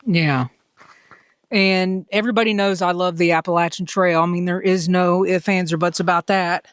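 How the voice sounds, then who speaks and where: A woman's voice: fairly low pitch, fairly even intonation, normal speed, clean tone, dry recording. A woman with a Southern US accent vlogging casually from a mountain summit, chatty and self-deprecating, filmed on a handheld phone. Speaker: hiker and vlogger. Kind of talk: casual trail vlog.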